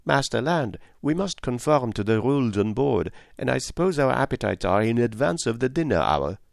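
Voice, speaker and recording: A man voicing a polite, calm and deferential male servant in an audiobook story. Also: medium pitch, moderate pace, creaky, no room sound, clean studio sound, pitched above the performer's own voice. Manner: courteous, mild, deferential.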